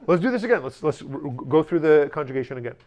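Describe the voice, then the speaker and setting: A man's voice: on the high side, big pitch swings, rapid-fire, darkish tone. A man with a slightly raised voice leads a language class, emphatic and patient as he drills pronunciation with repeat-after-me. He drops in dry humorous asides. The recording is muffled and lo-fi. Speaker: language teacher.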